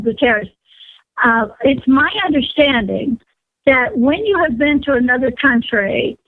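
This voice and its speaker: A woman's voice: sits high, no room sound. A woman calling into a radio show, blunt and opinionated, with frequent fillers. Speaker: caller. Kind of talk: phone-in call. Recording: tinny phone line.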